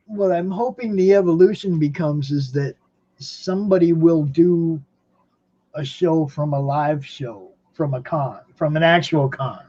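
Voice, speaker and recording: A man's voice: fairly high pitch, measured pace, warm tone, dull audio. A man hosting a podcast from home in rambling casual chat, laughing often. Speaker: podcast host.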